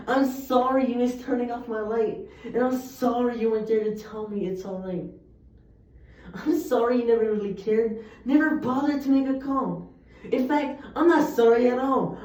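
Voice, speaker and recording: In an echoey, muffled room that makes her sound far away, a young woman gives an earnest, emphatic poetry recitation. Her tone is warm and her pitch fairly high.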